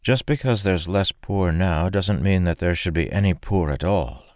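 A man's voice: low voice, moderate pace, a little mellow, dry recording, studio quality, voice pushed up, lightly acted. A man voicing an earnest, idealistic young woman in a plain, lightly raised tone.

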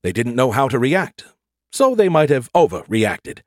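A man's voice: mid-range voice, big pitch swings, unhurried, no echo, studio quality, pitched above the performer's own voice. A man voicing a snarky, dramatic male AI with a tiny hologram avatar, whiny and exasperated. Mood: explaining, defensive.

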